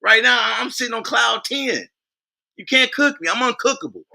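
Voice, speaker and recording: A man's voice: extremely high pitch, animated, normal speed, gravelly, pushed and bright. A man vlogging about basketball in a loose, casual way, full of fillers and boastful trash talk. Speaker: sports vlogger.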